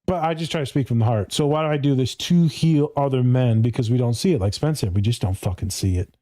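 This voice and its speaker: A male therapist talking on a podcast in a blunt, profane way. He laughs often and mimics his clients in higher voices. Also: fast, dark tone. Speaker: therapist and speaker. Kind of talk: casual podcast conversation.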